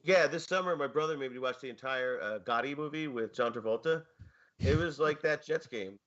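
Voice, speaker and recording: A man's voice: medium pitch, a little fast, fairly bright tone, lo-fi sound. A man co-hosting a sports podcast, rambling with restarts and offbeat comparisons. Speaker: podcast co-host. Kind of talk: casual sports betting chat.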